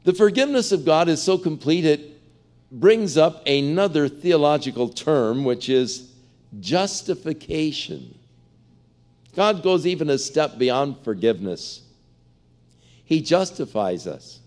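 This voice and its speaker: A pastor preaching a sermon in a large church, earnest, acting out the voices in a parable. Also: male voice, a little high, lively intonation, measured pace, a little mellow.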